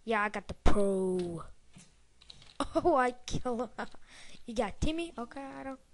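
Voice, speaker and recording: Young female let's-player, high-pitched, slow drawl, excitable and foul-mouthed. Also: slight background noise. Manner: excitable, swears, talks to the game. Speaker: gameplay commentator. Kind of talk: casual let's-play commentary.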